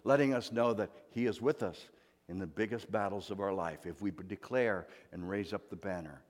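A male pastor giving a sermon, telling stories dramatically, going from loud to hushed. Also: on the low side, normal speed. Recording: hall with long reverb.

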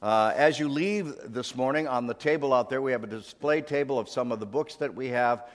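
A man's voice: medium pitch, a little fast. A male pastor preaching a sermon in a church, talking in a conversational way and leading the congregation in call-and-response. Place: church sanctuary. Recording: long hall reverb.

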